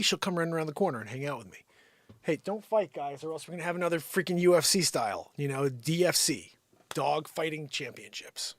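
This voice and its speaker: A man hosting his own daily live stream from home, rambling and joking, jumping from loud bits to whispered asides. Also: fairly high pitch, fairly quick, no room sound. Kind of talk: unscripted comedic live-stream chat.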